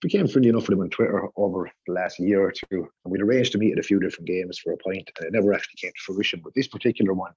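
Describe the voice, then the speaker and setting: A man's voice: sits low, racing, hardly any pauses, a little mellow, breathy edge, dry recording, dull audio. A man with an Irish accent telling a rowdy, sweary story on a podcast. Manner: rowdy, swearing anecdote teller. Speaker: podcast panelist. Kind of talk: casual storytelling.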